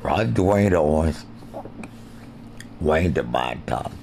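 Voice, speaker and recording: A man rambling profanely through improvised skits and jokes, now and then jumping into squeaky put-on voices. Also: expressive, slow, creaky, darkish tone, a little hiss or hum. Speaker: amateur podcaster. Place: porch outdoors.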